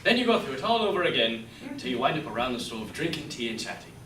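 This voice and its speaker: A man's voice: mid-range voice, fast talker, background noise, natural voice. Man playing a chatty Irish storyteller. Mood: storytelling. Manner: storytelling, animated. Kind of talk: stage play acting. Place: theater stage. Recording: roomy stage sound from far off.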